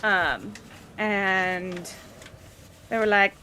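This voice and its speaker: A woman's voice: medium pitch, drawn-out words, pushed and bright, slight background noise. A woman casually recapping a tabletop game session, chatty and giggly, briefly acting out the party members' lines. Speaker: player recapping the previous session.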